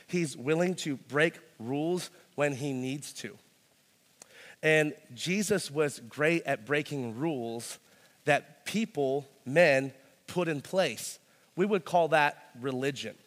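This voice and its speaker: A male pastor delivers a sermon in a relaxed, conversational way, leaning on "like" as he goes. His voice sits a little higher than most men's. The sound carries the long reverb of a large hall. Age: young adult to middle-aged, a parent. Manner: conversational, peppered with "like".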